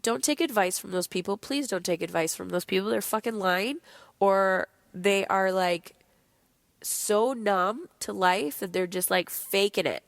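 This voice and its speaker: She's a podcast host who's feeling sick and drained, yet her candid motivational monologue stays blunt, animated, and full of swearing. Her gravelly, mid-range voice moves a little slowly, and the audio has no echo.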